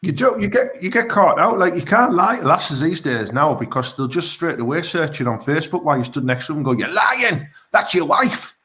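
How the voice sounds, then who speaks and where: A man co-hosting a casual chat, cheeky and animated as he banters. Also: fairly high pitch, fast, hardly any pauses. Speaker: co-host.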